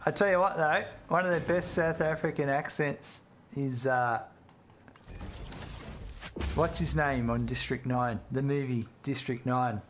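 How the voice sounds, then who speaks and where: A man's voice: mid-range voice, a little slow, fairly bright tone, slight background noise. A man chatting casually with viewers while streaming a video game, reading chat aloud and laughing easily.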